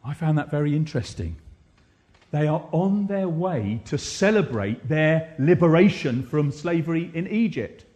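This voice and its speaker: A man preaching a sermon to a congregation, animated, with rhetorical repetition and frequent questions to his listeners. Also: fairly high pitch, measured pace. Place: church.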